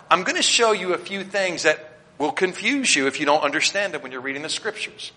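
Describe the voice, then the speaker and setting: A Baptist pastor preaching a sermon, swinging between loud declarations and quiet asides as he speaks straight to his congregation and points them to their notes. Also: high voice. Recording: long hall reverb.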